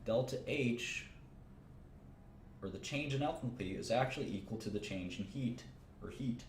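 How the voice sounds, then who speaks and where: A man's voice: mid-range voice, moderate pace, reverberant, a little hiss or hum. A man teaching a chemistry lesson in an informal way, thinking aloud, repeating phrases and adding casual asides as he works through problems. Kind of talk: informal livestream lecture.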